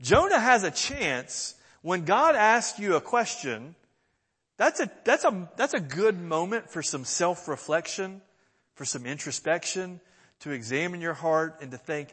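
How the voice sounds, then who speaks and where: A man preaching a sermon, earnest and animated, acting out the pleas he quotes. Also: high-pitched, a little slow, breathy edge. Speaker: pastor. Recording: long church reverb.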